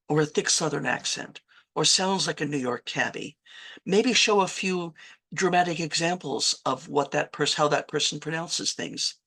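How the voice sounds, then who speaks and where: A woman's voice: sits low, creaky, a bit bright, slightly rough. A woman from Virginia giving a conversational writing workshop lecture, often correcting herself mid-sentence and adding chatty asides. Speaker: writing instructor.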